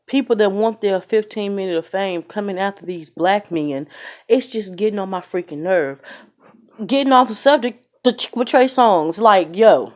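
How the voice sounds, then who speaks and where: A woman's voice: medium pitch, moderate pace. A woman giving a blunt, emphatic opinion rant into her phone, as in a casual vlog. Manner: emphatic, blunt, fed-up, conversational. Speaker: vlogger. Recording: dull lo-fi phone audio.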